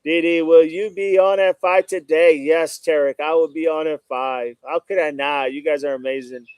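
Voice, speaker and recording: Man, livestream host, fairly high voice, smooth and clear, dry close sound, reads chat aloud. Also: fairly even intonation, moderate pace, darkish tone, no room sound. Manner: greets viewers by name, repeats "no doubt about it".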